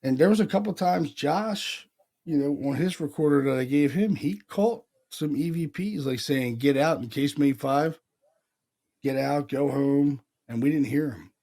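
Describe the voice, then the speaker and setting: A Pennsylvania man co-hosting a paranormal podcast chats casually, telling loose stories, acting out the voices he heard, and swearing offhandedly. His slightly high voice is warm with vocal fry, and he talks at a normal speed.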